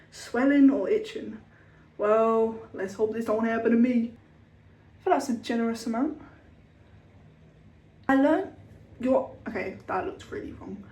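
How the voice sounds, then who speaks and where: Young woman, fairly high voice, chatty and sweary, recorded a bit far off in an echoey room. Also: darkish tone. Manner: chatty, swears freely, acts out scenes. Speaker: skincare vlogger. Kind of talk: casual chat to camera. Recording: roomy echo, a bit far from the mic.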